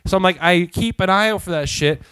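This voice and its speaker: A man's voice: sits high, fairly quick, a bit bright, clear, resonant tone, no echo. A man hosting his own show, telling a heated, profanity-filled comic story. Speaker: show host.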